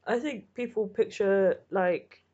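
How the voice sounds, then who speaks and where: A woman's voice: mid-range voice, slow, darkish tone. A woman co-hosting a podcast from home, teasing and giggling through the banter. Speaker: podcast co-host. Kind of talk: casual comedic banter. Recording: dull lo-fi home recording.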